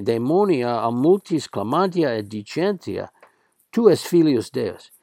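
A man teaching Latin, reading scripture passages aloud and translating them slowly and deliberately. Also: medium pitch, creaky, darkish tone, no room sound, studio quality.

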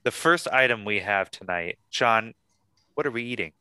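A man's voice: on the low side, animated, moderate pace, pushed and bright, clean tone, no echo. A man hosting a casual podcast chat, rambling and swearing freely as he talks. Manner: chatty, profane, rambling asides. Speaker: podcast host.

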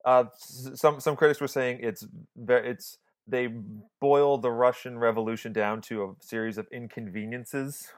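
A man's voice: medium pitch, steady tone, moderate pace, hardly any pauses. A man co-hosting a film podcast, chatting casually and animatedly, with many restarts and some swearing. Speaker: podcast co-host. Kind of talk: casual film review chat.

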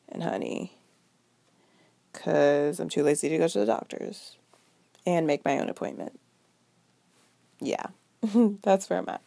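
Stuffy, gravelly young woman vlogger. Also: sits low, unhurried, long pauses, mellow, no echo. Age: 20s. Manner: chatty, lots of "like". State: stuffy, a little sick. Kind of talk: casual storytime vlog.

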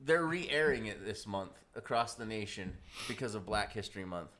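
Animated, crude-talking man. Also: lowish voice, moderate pace. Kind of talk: casual chat.

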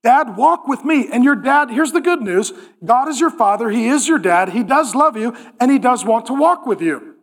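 A middle-aged man preaching a sermon. He speaks emphatically and drops to a hushed, intimate tone for stories. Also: extremely high pitch, expressive, moderate pace. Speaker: pastor.

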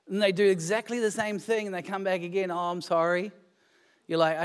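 A man's voice: high voice, fairly quick. Nz guy preaching in church, chatty and jokey, gets fired up. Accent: New Zealand. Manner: conversational preaching with humor, rising to animated emphasis. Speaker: pastor. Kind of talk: sermon.

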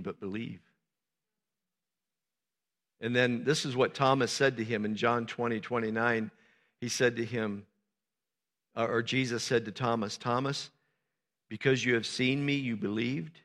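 Pastor guy preaching, bright forceful voice, goes quiet then big and loud, church echo trailing off. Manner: swings from soft and low to loud, high-pitched preaching. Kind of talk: sermon. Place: church sanctuary. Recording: long hall reverb.

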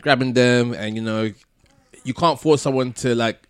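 A man telling a long personal story on a podcast, full of restarts and soft laughs. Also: mid-range voice, steady tone, moderate pace, clean tone, no room sound. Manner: rambling, many restarts, laughs between phrases. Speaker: podcast co-host. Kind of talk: casual storytelling chat.

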